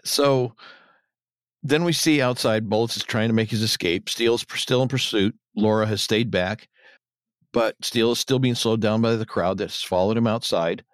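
A man co-hosting a podcast, recapping episode scenes in casual chat and now and then mimicking characters in a higher voice. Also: normal speed, clean tone, dry recording, clean studio sound. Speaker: podcast co-host.

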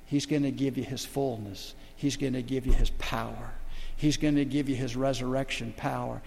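An older man preaching a sermon as the pastor, telling stories dramatically and swinging between loud and hushed. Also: mid-range voice, fairly even intonation, moderate pace, gravelly, big-room sound.

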